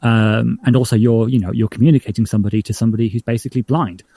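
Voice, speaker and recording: A man's voice: mid-range voice, fairly even intonation, racing, dark tone, no echo. Man chatting with lots of ums. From northern England. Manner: rambling, hesitant, many fillers and restarts. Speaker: podcast showrunner, guest. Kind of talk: casual interview chat.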